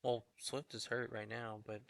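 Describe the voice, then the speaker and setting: A young man streaming a fantasy football update in casual chat, talking low and half-whispered in a hallway indoors. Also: flat delivery, moderate pace, creaky, dry recording. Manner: low, half-whispered talk, chatting with viewers.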